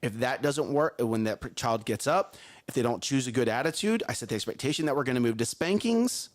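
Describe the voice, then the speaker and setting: A man's voice: mid-range voice, a little fast. A man in his thirties co-hosting a morning talk show, telling parenting stories emphatically and often checking in with "okay?". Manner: emphatic, animated storytelling with frequent "okay?". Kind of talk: casual talk show chat.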